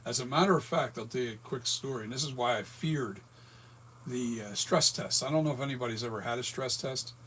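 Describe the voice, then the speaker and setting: A man in his sixties, hoarse from a breathing tube, telling a rambling story with many self-corrections in a casual vlog. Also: mid-range voice, brisk, fairly bright tone, slight background noise. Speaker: latex mask and prop maker.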